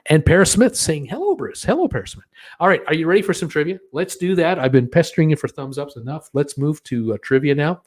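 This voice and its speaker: Male host, mellow dark tone, chatty and filler-heavy, chuckles at his own jokes, casual livestream trivia. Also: a little high, lively intonation, fast talker. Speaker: host of a live cruise news and trivia stream. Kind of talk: casual live-stream chat reading viewer comments.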